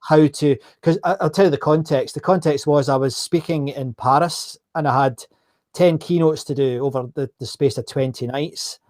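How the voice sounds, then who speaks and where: A Scottish man with a voice pitched a little above most men's, hosting a live interview over a video call. He talks in a loose, chatty way, restarts and doubles his words, and laughs easily. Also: moderate pace, a little mellow. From Scotland. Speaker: host.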